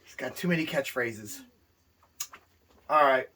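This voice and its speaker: A man's voice: mid-range voice, unhurried, sharp tone, far from the mic. A man co-hosting a wrestling talk show, indignant and bragging about being a good, humble guy. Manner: boastful, indignant, self-praising. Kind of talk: casual in-character chat.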